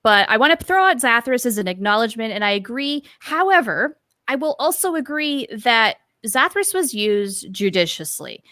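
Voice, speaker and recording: A woman's voice: a little high, big pitch swings, normal speed, pushed and bright, no echo, clean studio sound. A woman co-hosting a podcast, chatting casually and laughing often into a mic with a pop filter. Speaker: podcast co-host. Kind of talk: casual chat.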